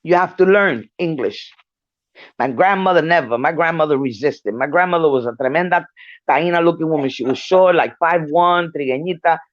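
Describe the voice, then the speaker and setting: This older woman from New York has a voice that sits low and a pace that's a little fast. She's a guest speaker in a casual discussion, frankly telling stories and swearing freely, heard through a muffled, dry, lo-fi recording.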